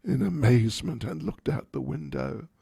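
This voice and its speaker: A man, a spiritual teacher, telling a story in a class, animated and wryly humorous. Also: medium pitch, moderate pace, gravelly, husky, no room sound, clean studio sound.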